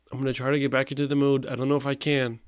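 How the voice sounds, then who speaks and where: A man's voice: medium pitch, smooth, no echo, clean studio sound. A man hosting a comedy show, reading comic strips aloud and ranting at them in mock outrage. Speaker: host.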